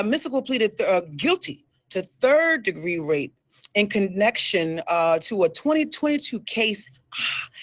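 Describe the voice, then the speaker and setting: Hosting a chatty entertainment news show, this woman frequently repeats words to stress her points. Her voice is mid-range and comes across slightly dull and muffled, with hardly any echo.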